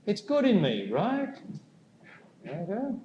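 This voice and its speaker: Slow, lively-pitched man in an echoey hall. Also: muffled recording. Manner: slow, deliberate, questioning the audience. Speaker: spiritual teacher. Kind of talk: live talk to an audience. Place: hall with a live audience. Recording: echoey room with faint noise.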